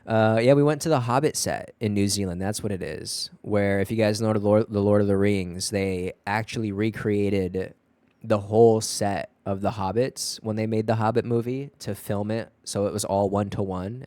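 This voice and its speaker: A man streaming from home, chatting casually with viewers in a rambling, profane, animated way. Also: on the low side, normal speed, no echo.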